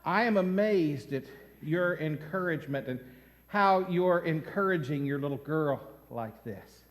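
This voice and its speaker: A man doing an earnest, quiet shopper. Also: a little high, lively intonation, a little slow, voice pushed down. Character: admiring male shopper, adult man. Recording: long church-hall reverb.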